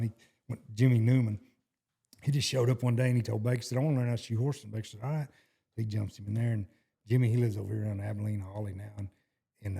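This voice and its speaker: A gravelly, husky Texan man in middle age spins a folksy yarn. His voice sits low and dark, and he rambles, often breaking off and restarting his sentences as he tells the story. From Texas. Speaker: horseshoer guest. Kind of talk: casual storytelling interview.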